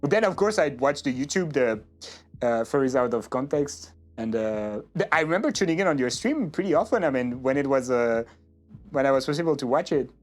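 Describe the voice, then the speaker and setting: A man who streams, chatting as an interview guest in a rambling, halting way with many restarts. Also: mid-range voice, animated, soft background music. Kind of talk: casual interview chat.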